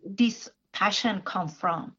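A woman's voice: mid-range voice, a bit bright, husky. Dull-sounding woman interviewer. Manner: measured, prompting questions. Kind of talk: radio interview.

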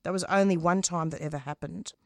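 Her voice sits on the low side, steady in tone and creaky, captured in a dry, studio-quality recording. She's a middle-aged radio host being interviewed as a guest in conversation, speaking passionately yet haltingly, with frequent restarts.

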